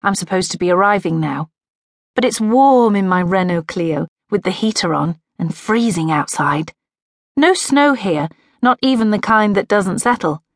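A woman's voice: mid-range voice, lively intonation, moderate pace, gravelly, no echo, clean studio sound. A woman narrating a first-person audiobook in a wry, sardonic inner-monologue manner. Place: recording studio.

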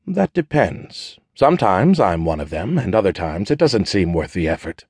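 A man's voice: low-pitched, big pitch swings, normal speed, a little mellow, breathy edge, no echo, full character voice. Man narrating a wry bedridden wounded man. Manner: joking, offhand, teasing.

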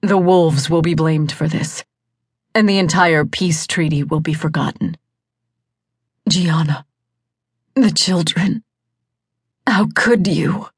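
A woman reading as a guilt-torn male warrior in a dark fantasy audiobook, pleading his sorrow in a low, unhurried voice. The delivery is anguished, heavy with remorse, and the sound is close and dry. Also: slightly rough, no echo, exaggerated voice. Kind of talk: audiobook character voice.

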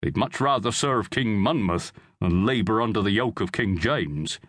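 An assured rebel soldier and father speaking airily of his army, read by a male audiobook narrator. The voice sits low with a lively, rolling intonation, close and dry. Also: moderate pace, dry recording. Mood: confident. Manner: assured, airy.

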